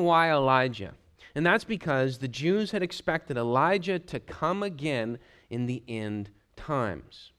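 A man preaching a verse-by-verse sermon, reading scripture passages aloud and explaining them, now and then clearing his throat. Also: mid-range voice, fairly bright tone. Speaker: pastor. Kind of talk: expository sermon.

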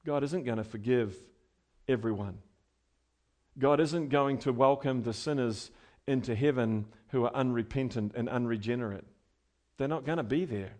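A male pastor preaching a sermon in a conversational way, building to emphatic points and then dropping quiet. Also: mid-range voice, moderate pace.

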